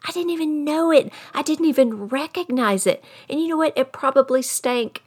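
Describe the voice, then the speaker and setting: A middle-aged woman with a Texan accent, a grandmother and podcast host, telling a folksy story straight to her listeners in an animated way. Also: sits high, moderate pace, few pauses. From Texas. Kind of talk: storytelling monologue.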